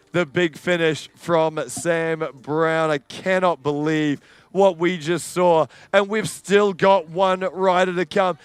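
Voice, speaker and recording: Male play-by-play caller, excitable; smooth, clear voice, dry close sound. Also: high-pitched, no room sound. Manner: excitable, building to shouts on big moments. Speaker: sports commentator. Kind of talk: live sports commentary.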